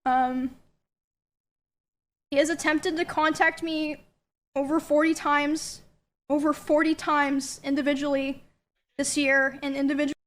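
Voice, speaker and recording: A woman calmly recounting events in a measured, steady explanation. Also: high voice.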